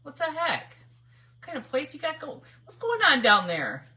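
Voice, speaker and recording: Lively, bright-voiced woman crafting on a livestream. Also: high voice, normal speed. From Michigan. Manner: chatty, laughs often, greets viewers by name. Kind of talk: casual livestream crafting chat.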